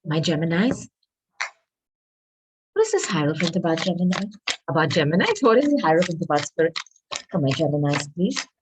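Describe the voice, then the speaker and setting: Earnest, animated woman reading tarot. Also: deep voice, brisk, pauses often, noisy background. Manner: earnest, reassuring, searches aloud for words; addresses viewers as darling. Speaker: tarot reader.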